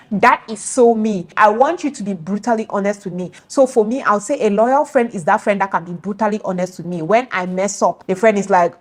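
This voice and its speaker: A young woman talks casually at a mid pitch. She speaks in an animated way, acting out quoted friends and chuckling between points. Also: fairly quick, few pauses. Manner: animated, acts out quoted friends, laughs often. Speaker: video host. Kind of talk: casual opinion monologue.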